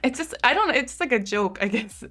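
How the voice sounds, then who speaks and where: Chatty woman streamer, slightly high voice. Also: animated, fairly quick. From United States. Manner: chatty, frequent "like" fillers, soft cooing asides to her cat. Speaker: live-streamer. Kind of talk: casual chat reading viewer comments.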